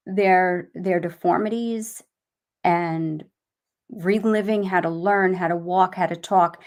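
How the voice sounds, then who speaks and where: A middle-aged woman, a guest and bereaved mother, giving a halting, rambling personal account with many restarts. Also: medium pitch, gravelly, darkish tone.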